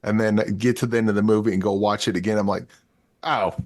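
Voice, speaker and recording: Man, movie podcast co-host, excited, chatty, low-ish voice, dry recording. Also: very fast, no echo. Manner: excited, chatty, laughs often. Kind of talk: casual movie review chat.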